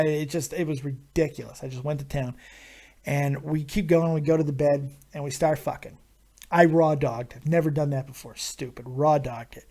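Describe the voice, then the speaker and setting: A man hosting a live stream, telling a crude story in a casual, animated way with constant swearing. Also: on the high side. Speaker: host of a live viewer Q&A stream.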